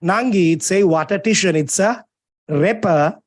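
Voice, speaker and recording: A young man with a Sri Lankan English accent teaches a poem in a lively live lecture, with a fairly high voice. He teases his students and draws out key words slowly for dramatic effect. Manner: lively, playful and teasing, drawn-out dramatic emphasis.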